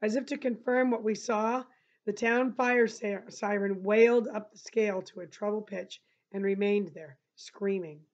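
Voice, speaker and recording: A woman teacher reading a novel aloud and pausing to explain passages to her listeners. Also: mid-range voice, fairly even intonation, a little mellow. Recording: dull lo-fi recording.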